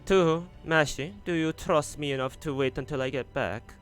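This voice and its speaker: A man's voice: a little high, moderate pace, faint music behind, voice pushed up, close to an everyday voice. A man voicing a campy, flamboyant, cheerful man with a put-on Italian accent that drifts toward Russian, reading game dialogue aloud. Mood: playful.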